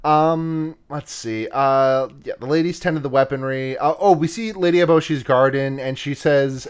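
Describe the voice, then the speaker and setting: A man's voice: mid-range voice, normal speed, few pauses, clean tone. A man hosting a podcast, casually retelling a film's plot, profane and giggly, rambling with restarts. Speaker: podcast host.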